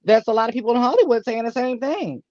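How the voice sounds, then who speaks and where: A woman's voice: a little high, expressive, fast, dark tone, no room sound. A woman co-hosting a casual livestream chat who chimes in with short agreements. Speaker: co-host. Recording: dry, dull lo-fi sound.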